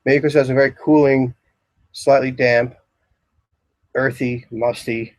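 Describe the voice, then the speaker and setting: A man giving a casual, rambling talk on incense in a shop, describing scents with many pauses. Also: medium pitch, little pitch movement, no room sound, poor audio. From Philadelphia area, US. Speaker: incense store lecturer. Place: shop, indoors.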